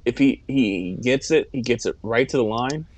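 A man's voice: medium pitch, normal speed, dry recording. A man playing a tabletop game, joking and teasing the others. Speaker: player. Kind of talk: casual chat.

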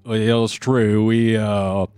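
A bashful, nervous husband with an American Southern accent, as a man puts him on in a tabletop game. He speaks a little lower than the performer's usual voice, halting and sheepish. Faint music plays behind. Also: flat delivery, darkish tone, clean tone.

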